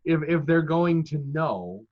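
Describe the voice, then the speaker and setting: A man's voice: a little high, animated, takes it slowly. A man who works as a professional dungeon master, giving casual, chatty, self-deprecating advice in conversation. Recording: dull lo-fi audio.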